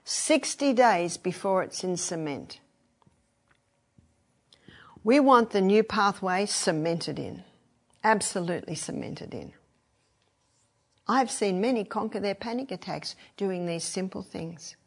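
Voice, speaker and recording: A woman's voice: medium pitch, slow, vocal fry, pauses often. An older woman giving a teaching talk, telling anecdotes from her retreat, acting out the people she quotes and laughing often. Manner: acts out quoted voices, laughs often, lively storytelling. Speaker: retreat speaker.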